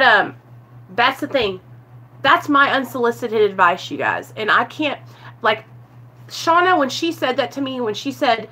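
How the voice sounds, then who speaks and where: A woman's voice: on the high side, sing-song, normal speed, bright, forceful tone, breathy edge. A woman vlogger talking earnestly and confessionally to her viewers about recovery, often calling them "you guys" and answering chat comments as they come in. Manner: answers live chat comments mid-talk. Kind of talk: casual live-stream talk to viewers.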